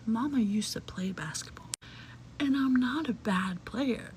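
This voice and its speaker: A young adult woman tells a personal story in a casual, chatty way, packed with "like" fillers, cursing, and hushed, whispery asides. Her voice is on the high side and a little slow. The audio is poor, with a little hiss or hum.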